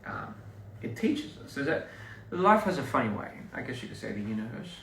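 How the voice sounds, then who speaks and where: A man's voice: medium pitch, vocal fry. Man on a roomy, distant phone live. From Australia. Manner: relaxed, halting, many fillers and restarts. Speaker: livestream host. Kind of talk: casual livestream chat with viewers. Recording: roomy echo, distant mic, faint noise.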